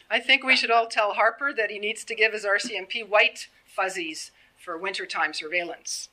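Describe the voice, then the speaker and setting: A woman's voice: mid-range voice, normal speed, few pauses, background noise. A woman in her fifties giving a public presentation, earnest and plain-spoken, acting out the conversations she retells. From Canada. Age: 50s. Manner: earnest, plain-spoken, acts out quoted exchanges.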